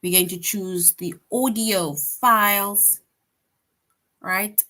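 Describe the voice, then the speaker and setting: In an online grade-school lesson, a woman with a medium-pitched voice guides young children at an unhurried pace. Patient and repetitive, she keeps checking in with "right?" and reads example sentences aloud with lively expression.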